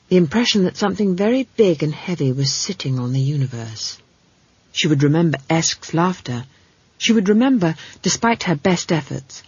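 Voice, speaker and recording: A woman reading a comic fantasy novel aloud, her voice husky and lower-pitched, rising and falling with lively swings. The sound is dry and close, a bit dull and lo-fi. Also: dry recording. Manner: wry, expressive storytelling with comic asides. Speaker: audiobook narrator. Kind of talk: scripted storybook narration.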